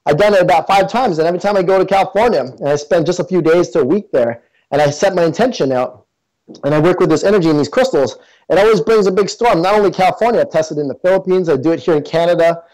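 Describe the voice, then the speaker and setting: Man, slightly raised pitch, casual earnest interview talk, lots of ums and restarts. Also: quick pace, darkish tone, rough recording. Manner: earnest, with many fillers and restarts. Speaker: guest. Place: in Toronto.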